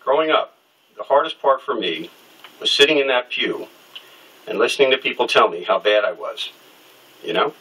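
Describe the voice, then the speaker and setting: A man's voice: mid-range voice, expressive, moderate pace, pauses often, sharp tone, slightly rough, recorded from a distance, rough recording. A middle-aged man telling a personal story in an interview, candid and wry, acting out the people he quotes.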